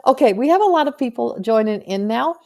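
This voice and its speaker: A woman's voice: fairly high pitch, animated, fairly quick, vocal fry, a little mellow. A woman hosting a live stream as a spiritual medium, talking in a chatty, earnest and frank way, with playful swearing.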